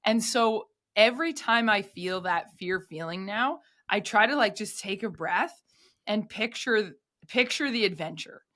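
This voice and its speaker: A woman who coaches gymnastics, telling stories in a casual podcast chat, animated and full of "like" fillers. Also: medium pitch, unhurried. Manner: animated storyteller, many "like" fillers.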